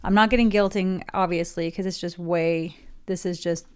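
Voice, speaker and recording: A woman's voice: on the low side, steady tone, normal speed, clean tone. A woman chatting casually through an unboxing, emotional and gushing, near tears at times. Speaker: vlogger.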